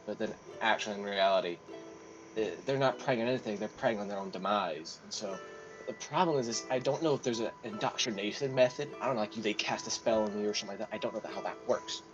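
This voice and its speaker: A man's voice: on the low side, fast, lo-fi sound, over music. A man playing a tabletop role-playing game, rambling and thinking aloud as he plans, with frequent restarts. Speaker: player. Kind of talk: casual tabletop role-play.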